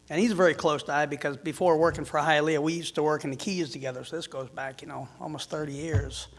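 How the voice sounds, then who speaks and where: A man in his fifties, a firefighter union president, giving a heartfelt, raw speech from a conference stage, dropping quiet and then rising loud. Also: a little high.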